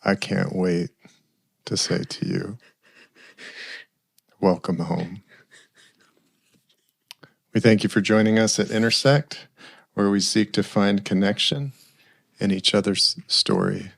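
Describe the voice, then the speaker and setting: A man's voice: fairly low pitch, takes it slowly, gravelly, pauses often, dry recording, clean studio sound. A man hosting a podcast, giving an earnest, reflective closing address to listeners. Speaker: podcast host.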